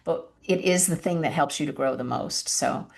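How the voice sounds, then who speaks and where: This is a woman hosting a podcast, warm and encouraging as she affirms her guest and thanks her listeners. Her voice sits a little lower than most women's. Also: moderate pace, creaky. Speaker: podcast host. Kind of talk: podcast interview talk.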